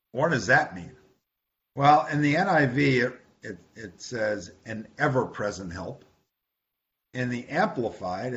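Slow, conversational man teaching scripture. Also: mid-range voice, fairly bright tone. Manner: conversational, repeats words, asks the group questions. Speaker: Bible teacher. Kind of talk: informal Bible study teaching. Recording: dull lo-fi recording with faint hiss.

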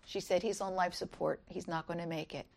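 A woman's voice: steady tone, a little fast, creaky. A middle-aged woman giving an earnest Easter devotional talk, reading scripture and telling personal stories. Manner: earnest, rises high when voicing others.

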